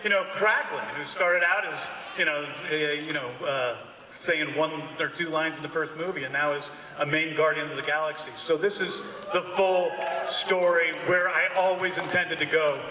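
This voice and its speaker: A man's voice: a little high, fairly even intonation, sharp tone. A man telling a reflective story as a film director on a convention panel stage. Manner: musing, measured. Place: large convention hall stage. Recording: roomy hall with long reverb, distant mic.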